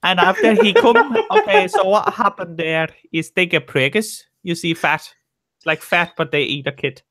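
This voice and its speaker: A woman's voice: lowish voice, animated, normal speed, fairly bright tone. A woman doing a weird, vaguely Scottish-sounding voice of a crude, rambling man who babbles in broken grammar.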